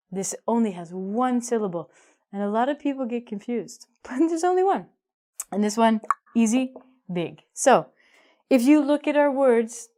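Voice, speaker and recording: A woman teaching an English grammar lesson, upbeat and emphatic, slowing down to stress key words. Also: mid-range voice, warm tone.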